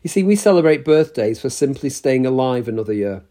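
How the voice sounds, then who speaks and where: A man preaching a sermon in a church, measured and emphatic, with pauses between short phrases. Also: mid-range voice, expressive, mellow.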